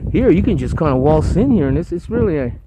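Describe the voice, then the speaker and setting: A man's voice: fairly high pitch, big pitch swings, fast, background noise. Rambling older man on a roadside walk. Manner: rambling, enthusiastic, stumbling restarts. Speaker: volunteer roadside litter cleaner. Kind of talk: casual walking tour to camera. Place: outdoors on a hillside road.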